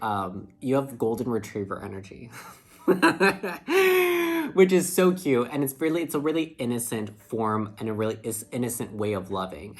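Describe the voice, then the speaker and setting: Tired, chatty male tarot reader. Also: on the low side. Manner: chatty, filler-heavy, heartfelt. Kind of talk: casual tarot reading monologue. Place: indoors under a ring light.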